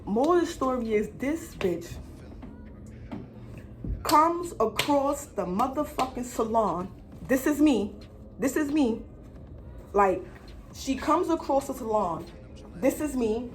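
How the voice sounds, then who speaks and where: A woman telling a story on her vlog in an animated way, full of swearing and slang. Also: a little high, background noise. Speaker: vlogger.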